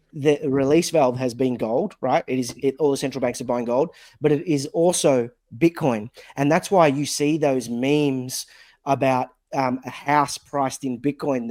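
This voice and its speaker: A man on a podcast, explaining a point in casual chat with quick bursts. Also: medium pitch, no room sound, studio quality. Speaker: podcast co-host.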